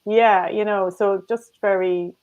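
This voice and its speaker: A woman's voice: mid-range voice, fairly even intonation, slow pace, darkish tone, highs cut off. A woman co-host chatting agreeably, with frequent affirming sounds. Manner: agreeable, chatty, many backchannels. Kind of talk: conversational interview.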